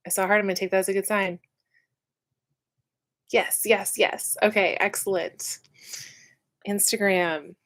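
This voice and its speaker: A woman's voice: mid-range voice, fairly even intonation, a little slow, long pauses, fairly bright tone, poor audio. A young woman hosting a casual livestream, chatty and emotional, with plenty of fillers. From Southern California. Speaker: channel host.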